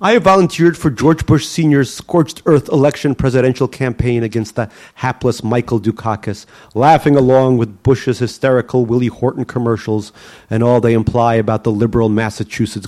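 A man's voice: mid-range voice, a little mellow. A man from the Soviet Union reading his memoir aloud to a live audience, with a wry, self-mocking delivery. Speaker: storyteller.

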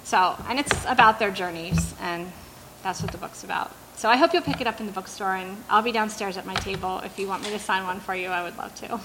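A woman's voice: medium pitch, brisk, background noise. A woman, a debut novelist, speaking candidly to an audience at a bookstore event, chatty and frank with many fillers. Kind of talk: candid talk at a book event.

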